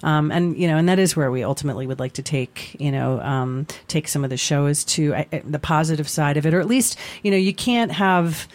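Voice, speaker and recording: A talk-show co-host speaking reflectively in casual conversation, pausing often with fillers. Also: medium pitch, dry recording. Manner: reflective, halting, many fillers. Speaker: podcast co-host.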